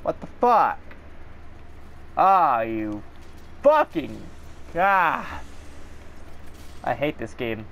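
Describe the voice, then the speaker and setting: A man's voice: mid-range voice, big pitch swings, very slow, vocal fry, pauses often, fairly bright tone. A man giving live gameplay commentary, swearing and ranting angrily at the game. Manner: profane, angry ranting at the game. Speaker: gaming video creator.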